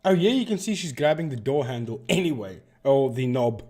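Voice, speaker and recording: A man's voice: mid-range voice, big pitch swings, a little fast, darkish tone. Rambling man. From South Africa. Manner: rambling, digressive storyteller who often restarts sentences. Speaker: live-stream host. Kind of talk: casual live-stream chat.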